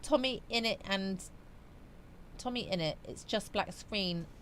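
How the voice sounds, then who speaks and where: A woman's voice: mid-range voice, unhurried, a bit bright, a little hiss or hum. A woman hosting a casual livestream, reading viewer comments aloud and musing on them in a chatty, rambling way. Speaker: livestream host.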